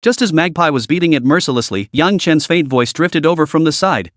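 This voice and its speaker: A man's voice: fairly high pitch, expressive, brisk, few pauses, fairly bright tone, no room sound, clean studio sound. A man narrating a recap story in a dramatic, scripted style.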